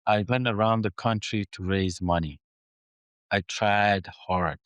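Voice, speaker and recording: A man with a fairly low voice tells a story to a podcast host, acting out the dialogue as he goes. His pitch swings widely as he voices each exchange. The sound is dry and close. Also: unhurried, no echo. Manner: animated storyteller who acts out dialogue. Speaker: mining company chief executive.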